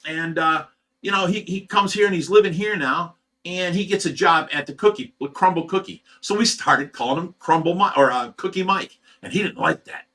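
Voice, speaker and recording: A middle-aged man from Ohio, USA, who runs a fish rescue vents at home in a casual, agitated monologue, stumbling over repeated words. His voice is high-pitched, bright, and forceful, at a moderate pace.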